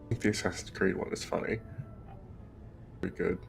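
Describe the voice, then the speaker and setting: Male player, lowish voice, casual banter, swears freely and cracks jokes. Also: fairly even intonation, fairly quick, creaky, over music. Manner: profane, jokey, laughs a lot. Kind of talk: casual banter during a tabletop game.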